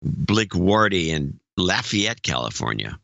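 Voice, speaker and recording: Forceful low-voiced man, dull dry sound. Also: very animated, measured pace, gravelly, no room sound. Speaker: podcast co-host. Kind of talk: casual chat, reading listener notes.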